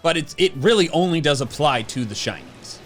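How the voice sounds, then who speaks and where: A man's voice: fairly high pitch, expressive, a little fast, fairly bright tone, faint music behind. A young man co-hosting a casual gaming chat, easygoing and rambling with lots of fillers. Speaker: co-host of a gaming channel.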